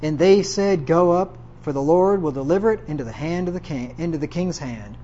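A man's voice: fairly high pitch, lively intonation, fairly quick, warm tone, slight background noise. A man teaching from the Bible, reading verses aloud and then retelling them in plain, slangy everyday talk. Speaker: preacher. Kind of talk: Bible teaching with casual paraphrase. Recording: dull lo-fi sound.

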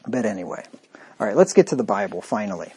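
A man's voice: fairly low pitch, very animated, fast, darkish tone, slightly rough. A man preaching a sermon, emphatic and repetitive, with a sarcastic, mocking edge. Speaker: pastor.

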